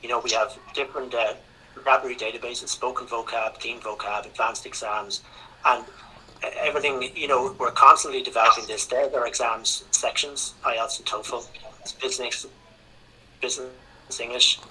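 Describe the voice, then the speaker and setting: A man, a guest speaker on English teaching, answering questions in an online seminar, relaxed and repeating words as he thinks. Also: medium pitch, moderate pace, a little hiss or hum, rough recording. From Ireland.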